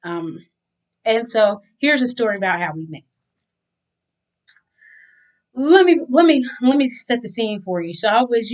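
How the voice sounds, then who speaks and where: A woman telling a personal story to her viewers in a casual, chatty way, acting out the dialogue as she goes. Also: mid-range voice. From Louisiana. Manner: chatty, animated retelling with acted-out dialogue. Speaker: vlogger. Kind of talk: candid storytelling to camera.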